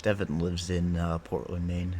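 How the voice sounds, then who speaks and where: Midwestern guy streaming games, deep voice, rambly chill chat, bit of faint noise. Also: level tone, unhurried, a little mellow. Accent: Midwestern American, Ohio-leaning. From Illinois, USA. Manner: rambling, filler-heavy, easygoing. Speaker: game streamer. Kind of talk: casual chat while streaming.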